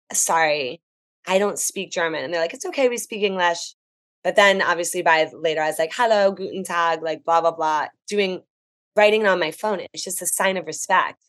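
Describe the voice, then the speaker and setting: An American woman, a travel writer guesting on a podcast, telling stories in a chatty, animated, enthusiastic way. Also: lowish voice. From United States. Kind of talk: casual podcast chat.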